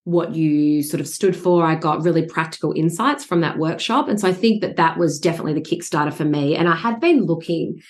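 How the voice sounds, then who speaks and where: A woman's voice: sits low, a little fast, hardly any pauses. A woman guest on a podcast, chatting casually over a video call about her coaching journey, rambling and restarting with frequent laughs. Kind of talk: casual interview chat.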